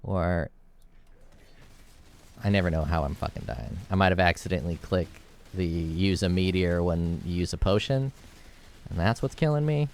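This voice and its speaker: A man's voice: sits low, moderate pace, pauses often, darkish tone, a little hiss or hum. A man giving casual gameplay commentary, thinking aloud as he plays and rambling into jokes with the odd curse. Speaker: gameplay video creator.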